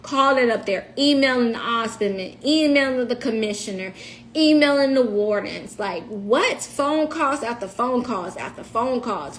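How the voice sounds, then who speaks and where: A woman's voice: on the high side, lively intonation, normal speed, a little hiss or hum. A woman with a Southern US accent, talking to viewers on a livestream, emotional and blunt with curse words. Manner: emotional, swears, talks straight to the audience. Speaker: livestream host. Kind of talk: casual storytime chat to viewers.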